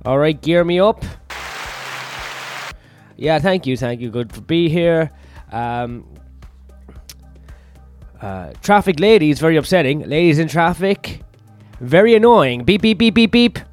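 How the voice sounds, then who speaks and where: A man's voice: fairly high pitch, expressive, slow, long pauses, faint music behind, some chatter behind. A worn-out man hosting a rambling solo podcast, crude and self-mocking, swearing constantly. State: tired, run-down. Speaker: comedian podcast host.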